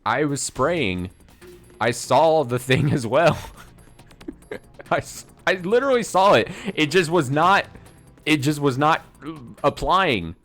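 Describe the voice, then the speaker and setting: A man's voice: on the high side, lively intonation, takes it slowly, long pauses, a bit bright, soft background music. A man streaming a game live, commenting to himself in an exasperated way and swearing as he plays.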